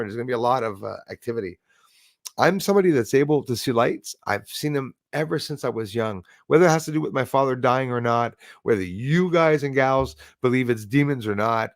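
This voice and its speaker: Thanking his viewers as he reads comments, a Canadian livestream host rambles casually with lots of fillers. His medium-pitched voice is expressive and a little fast, captured as a dry recording in clean studio sound.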